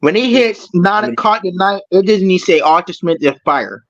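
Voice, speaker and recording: Fired-up guy cussing and repeating himself, slightly high voice, muffled dry audio. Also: lively intonation, normal speed, a little hiss or hum. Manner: heated, profane, repeats himself. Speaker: caller on a fan show. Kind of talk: angry fan rant.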